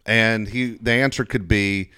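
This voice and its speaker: A man's voice: on the low side, steady tone, measured pace, pushed and bright, clean tone, no room sound, clean studio sound. A man from Southern California, candidly telling anecdotes and swearing in a casual chat.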